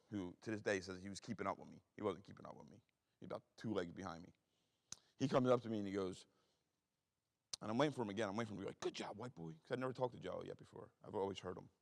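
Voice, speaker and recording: East coast guy in his 40s, rapid-fire cussing storyteller, big echoey hall. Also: on the low side, creaky. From Philadelphia. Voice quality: blunt, heavily profane, rapid street talk. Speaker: guest speaker. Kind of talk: storytelling talk. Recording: reverberant hall.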